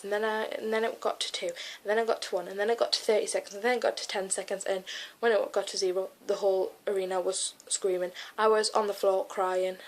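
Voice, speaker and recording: A young woman vlogging at home, rambling excitedly with lots of "like" and "oh my God". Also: medium pitch, poor audio. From United Kingdom. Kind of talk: casual vlog recounting a concert.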